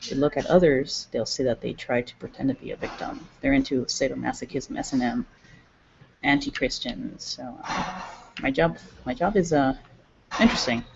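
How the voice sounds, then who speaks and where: A woman's voice: a bass voice, normal speed. A woman talking to camera in a rambling, agitated monologue, jumping from one topic to the next. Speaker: self-described activist. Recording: dull lo-fi recording with clear background noise.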